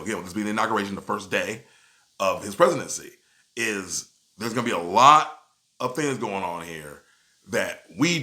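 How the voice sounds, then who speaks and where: Male vlogger for casual commentary, animated and chatty, with a bright, forceful tone. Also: mid-range voice. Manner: animated, with frequent "you know what I'm saying". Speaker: video commentator.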